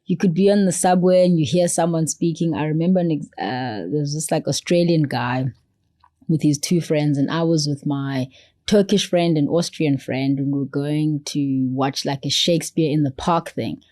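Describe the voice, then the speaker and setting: A South African woman in her thirties, a podcast guest telling stories in an animated, conversational way and acting out quotes. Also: low voice, moderate pace, no room sound, clean studio sound. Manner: expressive, acts out quotes with playful voices. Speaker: podcast guest, foundation CEO.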